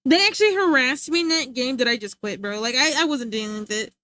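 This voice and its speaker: A woman's voice: sits high, fast, pushed and bright, dry recording. A young woman streamer chatting casually, rambling and laughing often.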